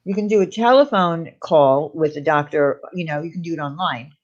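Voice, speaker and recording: A woman's voice: sits low, a little fast, dull audio. A chatty, playful woman co-hosting a casual livestream and welcoming viewers. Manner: chatty and playful, laughs easily. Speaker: livestream co-host.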